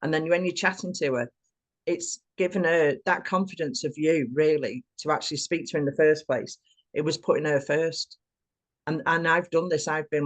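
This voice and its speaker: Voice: mid-range voice, fairly even intonation, a little fast. A podcast co-host responding supportively, reflecting aloud and leaning on rhetorical tag questions.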